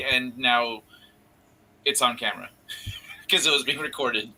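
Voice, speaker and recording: Bright-voiced man, blunt and mocking. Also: mid-range voice, slow pace, breathy edge, poor audio. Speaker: panel guest. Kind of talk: casual live stream chat.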